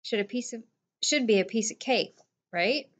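A woman's voice: a little high, moderate pace, lightly acted. A woman voicing a stranded teenage city boy who is frustrated and blames himself, in a bitter, exasperated way. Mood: determined.

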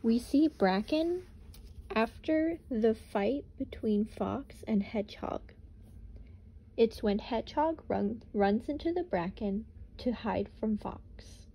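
Slow, mellow woman teacher reading aloud. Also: on the high side, animated, slightly rough, low-quality recording. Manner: patient, explains words simply for children. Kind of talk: children's book read-aloud with vocabulary teaching.

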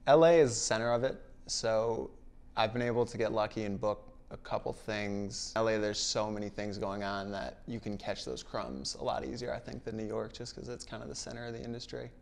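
A man from Connecticut, an actor guest in a casual comedy interview, talking in a self-deprecating, deadpan way. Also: fairly low pitch, a little fast, vocal fry. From Bridgeport, Connecticut, US.

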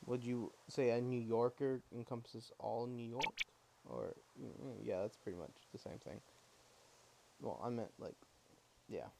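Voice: mid-range voice, a little slow, vocal fry, mellow, slight background noise. A gaming YouTuber giving casual let's-play commentary, chatty and swearing freely while musing aloud.

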